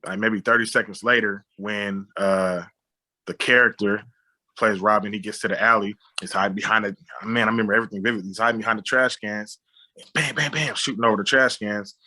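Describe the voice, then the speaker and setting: A man's voice: on the low side, fairly even intonation, fairly quick, bright, forceful tone. A man, a film director, telling a personal story on a podcast, acting out sound effects and often saying "you know what I'm saying".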